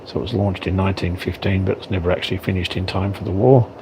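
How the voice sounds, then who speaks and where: Over background noise, a man reviews his miniatures in an unboxing, talking fast in a low voice with a steady tone. He's a wargaming hobbyist, casual and hesitant, often saying um and correcting himself.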